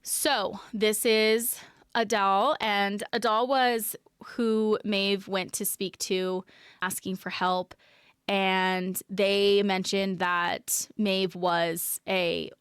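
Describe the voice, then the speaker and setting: A woman's voice: medium pitch, flat delivery, slow pace, a bit bright, clean tone, dry recording, clean studio sound. A woman streamer guiding viewers on a game lore tour, chatty and self-deprecating. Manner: chatty, self-deprecating, laughs at own mispronunciations. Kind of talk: casual live-stream narration.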